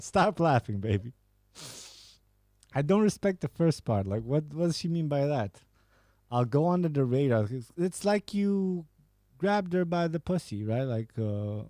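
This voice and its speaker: A podcast host with a lowish, warm voice reads viewer messages aloud and jokes about them, laughing and cursing a lot in easy banter. The recording is studio quality with no echo.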